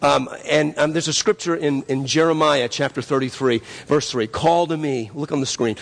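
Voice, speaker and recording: Male pastor, gravelly voice, emphatic repetitive sermon delivery, long church-hall reverb. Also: fairly high pitch, fairly even intonation, moderate pace, few pauses. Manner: repetitive, emphatic preaching with many restarts. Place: church sanctuary.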